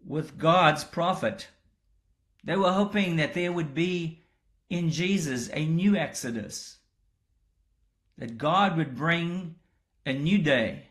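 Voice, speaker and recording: A man preaching a sermon in a measured way, rising in pitch when voicing the characters' astonishment. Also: a bit bright. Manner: slow, measured delivery that rises when voicing the disciples' astonishment.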